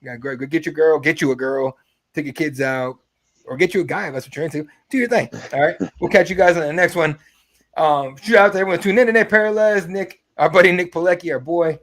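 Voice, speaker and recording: Brief: young male podcast host, rapid and a bit high, excitable and swearing freely. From Mexico. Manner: excited, profane storytelling. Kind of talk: casual podcast chat.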